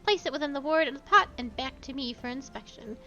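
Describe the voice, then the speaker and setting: A woman's voice: high voice, fast, sharp tone, lo-fi sound, voice pushed up. A woman voicing a pompous, self-important young male scholar, reading game dialogue in a grand, formal way. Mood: eager.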